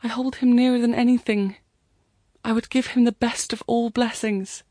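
A desperate young woman pleading for her beloved, as a woman narrator puts her on, her voice lifted and intense. The tone is breathy and close, with a dry, roomless sound. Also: fairly high pitch, fairly even intonation, moderate pace, warm tone, no room sound, pitched above the performer's own voice, natural voice.

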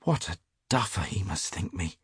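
A man voicing an earnest, easily flustered young English gentleman in a storybook reading, his pitch leaping upward when upset. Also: animated, moderate pace, creaky, slightly rough, no room sound, studio quality, heavily acted.

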